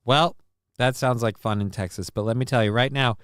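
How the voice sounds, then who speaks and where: A man's voice: mid-range voice, fairly even intonation, fairly quick, a bit bright, clear, resonant tone, no room sound, clean studio sound. A man hosting a casual live stream, reading chat messages and news aloud and cracking crude jokes. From northern United States. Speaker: show host.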